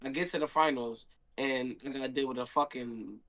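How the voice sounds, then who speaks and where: A man's voice: mid-range voice, brisk, a bit bright. A young man, a handball player, telling a story in a casual stream Q&A and acting out his own quotes.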